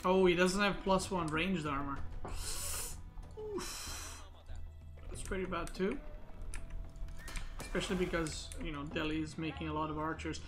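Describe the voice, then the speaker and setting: A man giving casual commentary on a recorded match, thinking out loud with lots of "like" and "right?" fillers. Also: a little high, fairly even intonation, normal speed, music in the background. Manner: thinks aloud, filler-heavy, says "like" and "right?" a lot. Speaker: game analysis host.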